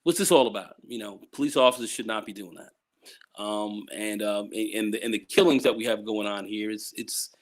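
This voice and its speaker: A man's voice: fairly low pitch, normal speed. Rambling male guest with many "you know"s. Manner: rambling, repeats "you know", acts out quoted people. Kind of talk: casual discussion.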